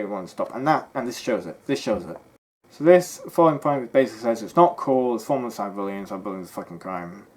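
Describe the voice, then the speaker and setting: A young man, a YouTuber, in a heated and defensive rant to camera, swearing and swinging between loud outbursts and low mutters.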